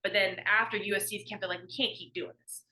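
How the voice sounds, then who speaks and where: Speaking as a podcast guest, a young adult woman and ex-college athlete spins casual stories in a mid-range, fairly even voice that's brisk and sharp. The audio is poor; she's talkative, full of "like," and acts out quoted lines.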